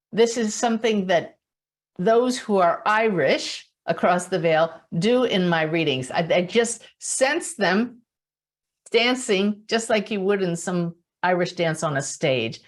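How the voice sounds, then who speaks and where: A woman hosting a webinar as a spiritual medium, telling stories in a chatty, animated way and laughing often at her own anecdotes. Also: medium pitch. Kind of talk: monthly webinar talk, storytelling.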